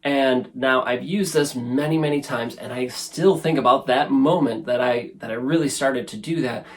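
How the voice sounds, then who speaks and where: A man's voice: medium pitch, normal speed. A man in his thirties hosting a casual self-help talk to camera, earnest and conversational, often tagging sentences with "right?". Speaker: show host. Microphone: camera facing speaker.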